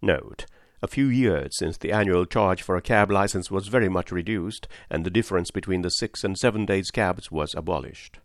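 A man narrating a classic story in a measured, plain way. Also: low voice, dry recording, clean studio sound. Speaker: audiobook narrator. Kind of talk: scripted narration.

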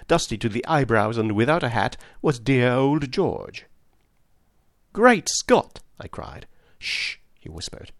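A man narrating a comic story in the first person with a lively, expressive reading. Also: on the low side, no room sound, studio quality. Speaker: audiobook narrator.

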